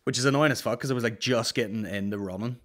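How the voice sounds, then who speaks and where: A man's voice: mid-range voice, fast talker. A man in his thirties hosting a comedy podcast, telling rambling, sweary stories. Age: 30s. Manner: swears a lot, rambling, animated. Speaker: podcast host. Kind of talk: casual comedic storytelling.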